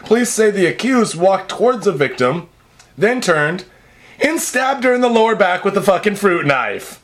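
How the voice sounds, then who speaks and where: Brief: male podcast co-host, high voice, loose and foul-mouthed, reads headlines then riffs. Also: big pitch swings, moderate pace, fairly bright tone. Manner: profane, reads news items then riffs. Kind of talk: casual drunken podcast banter. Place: Japan.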